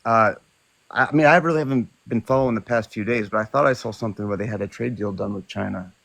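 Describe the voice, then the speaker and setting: A man's voice: lowish voice, quick pace, creaky, a bit bright. A man debating politics on a livestream, hesitant and stammering at times. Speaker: debate guest.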